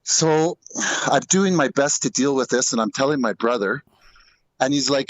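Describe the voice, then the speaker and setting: A man's voice: mid-range voice, sing-song, moderate pace, no room sound, dull audio. A middle-aged man telling a ghost story in a loose, rambling way, full of restarts and asides. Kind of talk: casual storytelling.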